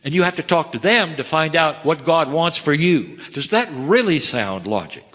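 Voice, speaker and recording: Gentle man channeling in a reverberant hall. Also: a little high, lively intonation. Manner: gentle, measured, emphatic pauses; addresses listeners as dear ones. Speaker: spiritual channeler. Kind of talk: channeled spiritual message to an audience.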